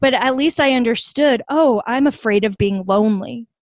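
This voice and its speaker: A young woman with a fairly high voice recounts her experiences in a podcast interview. She talks earnestly and reflectively, and turns animated when she quotes other people. The sound is close and dry. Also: normal speed, no echo. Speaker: guest, nonprofit founder.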